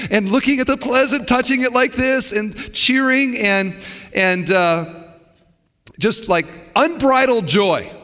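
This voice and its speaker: A man preaching a sermon as pastor, talking casually with fillers and rising to excited bursts. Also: very high voice, in a large hall. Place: church sanctuary.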